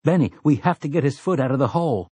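A man's voice: mid-range voice, expressive, quick pace, mellow, slightly rough, no echo, voice pushed up. A man voicing a determined boy who gives urgent commands. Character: determined boy taking charge in a crisis.

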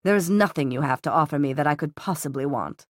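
A woman voicing a ruthless middle-aged male villain who speaks in a calm, cutting, measured way. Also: low-pitched, no room sound, clean studio sound, voice pushed down. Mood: cold disdain.

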